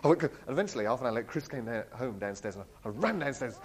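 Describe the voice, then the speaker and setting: Animated man telling a story. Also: medium pitch, rapid-fire, few pauses, poor audio. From England. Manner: animated, laughs often, acts out quoted voices. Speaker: speaker sharing a personal testimony. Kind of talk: storytelling talk.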